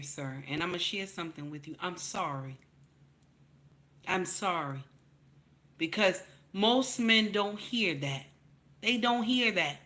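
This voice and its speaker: A woman giving blunt, profane opinion commentary to camera, preaching and repeating her points for emphasis, often calling listeners "baby". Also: mid-range voice. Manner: repeats points for emphasis, rising to loud outbursts. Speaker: commentary channel host.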